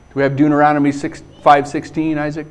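A man's voice: a little high, completely flat delivery, quick pace. A middle-aged man preaching a sermon in a conversational way, chuckling often and checking in with the congregation. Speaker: pastor.

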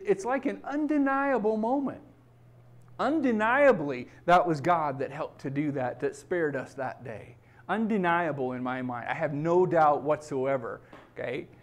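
A middle-aged man preaching a sermon, emphatic and checking in with his listeners by asking "okay?" again and again. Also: fairly high pitch. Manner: emphatic, repeats "okay?" to the congregation. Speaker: pastor.

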